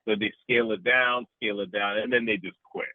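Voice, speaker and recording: Casual interview guest: husky, animated man, dry tinny phone-like sound. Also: fairly low pitch, a little fast, dry recording. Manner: animated, profane, rambling.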